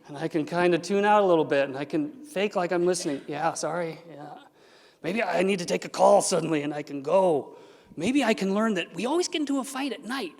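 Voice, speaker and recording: A fairly high-voiced man gives a symposium talk as a therapist in a large event hall. He speaks animatedly and acts out the voices he quotes. A long hall reverb trails after his words. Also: creaky, darkish tone. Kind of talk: symposium presentation.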